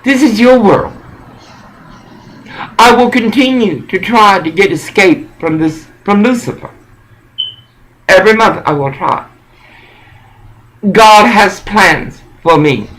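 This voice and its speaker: Slow, high-voiced man preaching rambling. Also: animated, fairly bright tone, low-quality recording. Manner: intense, halting, repeats phrases.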